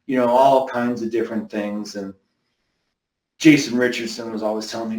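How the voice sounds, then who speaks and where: A middle-aged man casually recounting a business story, rambling and animated, quoting others as he goes. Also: mid-range voice, normal speed, slight background noise. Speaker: BMX brand owner recounting company history. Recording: roomy echo, somewhat far from mic.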